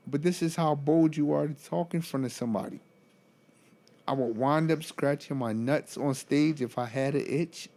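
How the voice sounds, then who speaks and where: A man who works as a motivational speaker tells a story in a casual vlog, animated and profane, laughing often and breaking into incredulous exclamations. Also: a little high, moderate pace.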